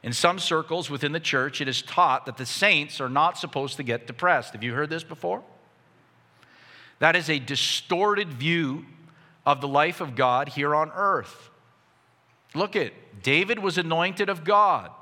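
Pastor, male, fiery sermon delivery, bright tense voice, reverberant church hall. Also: on the high side. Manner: impassioned, rising to near shouts.

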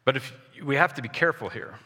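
A man preaching a sermon as a pastor, earnest, pausing and restarting as he explains a scripture passage. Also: mid-range voice, animated, sharp tone. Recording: long reverb of a large hall.

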